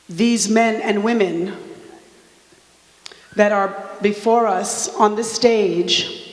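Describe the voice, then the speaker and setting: A woman activist giving an impassioned rally speech with call-and-response chants, stretching out key words for emphasis. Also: medium pitch. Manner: fervent, chanting, drawn-out emphatic phrases. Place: large church sanctuary with an audience. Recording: echoey church hall with long reverb.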